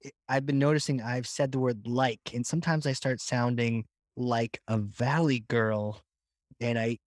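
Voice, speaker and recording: A man's voice: medium pitch, steady tone, measured pace, no echo, studio quality. Easygoing male podcast host. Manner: easygoing, jokey, laughs along. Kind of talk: casual podcast interview.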